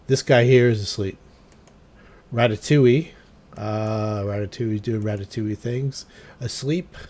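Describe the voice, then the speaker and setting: A man's voice: on the low side, a little mellow. A man running a tabletop game as game master, narrating the enemies' moves and thinking aloud with fillers.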